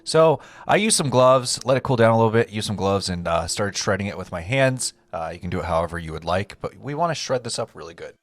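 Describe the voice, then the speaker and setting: A young man hosting a home cooking video, walking through each step in a relaxed, chatty way. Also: lowish voice, fast, few pauses. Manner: relaxed, step-by-step instructions with frequent "gonna go ahead". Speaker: home cook and channel host. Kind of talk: casual cooking walkthrough. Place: home kitchen.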